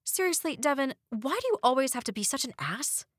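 A woman voicing a young sister who snaps back at her brother in sharp, exasperated retorts. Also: high-pitched, very animated, fairly quick, husky, no echo, clean studio sound, pitched above the performer's own voice, full character voice. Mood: angry.

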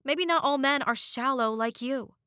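A woman voicing a young sister who snaps back at her brother in sharp, exasperated retorts. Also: sits high, normal speed, no echo, studio quality, voice pushed up. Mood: angry.

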